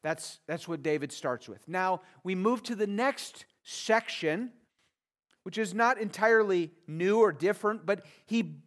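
A man's voice: high voice, expressive, unhurried. A man preaching a sermon, reading verses aloud and then explaining them with rising, earnest pleas. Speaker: pastor.

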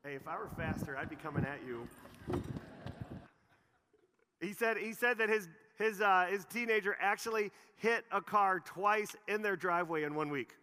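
Bright-voiced preacher telling a story. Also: male voice, sits high, a little fast, hardly any pauses, in a large hall, slight background noise. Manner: animated, repetitive retelling. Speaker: pastor. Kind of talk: sermon storytelling.

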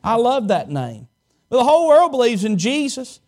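A man's voice: very high voice, very animated, darkish tone. A male pastor from Southwest Virginia, preaching a sermon and stretching out key words for emphasis. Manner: dramatic preaching, slows and stretches key words, tells folksy stories.

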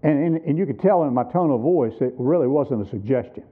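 Speaking fairly quickly with lively intonation, this man in his sixties has a mid-range voice. He delivers an emphatic sermon at a church missions conference, teaching with rhetorical questions, captured on a tinny, phone-like recording.

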